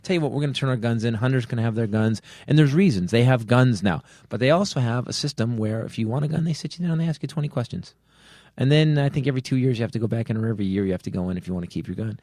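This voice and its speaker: A man hosting a comedy podcast, ranting in an animated, rambling way with many restarts. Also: mid-range voice, racing, no room sound, studio quality. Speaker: podcast host. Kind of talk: comedic political rant. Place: studio.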